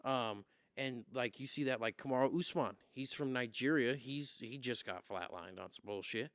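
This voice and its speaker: A young man hosting a podcast and telling sports stories in casual, profane chat with loud acted-out quotes. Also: medium pitch, normal speed, dry recording. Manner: profane storyteller who acts out quotes loudly. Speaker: podcast host.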